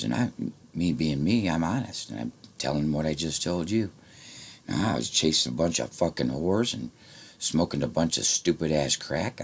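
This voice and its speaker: A man talking straight to his viewers in a rambling, profane monologue that swings from low muttering to shouting. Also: creaky, breathy edge. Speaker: vlogger.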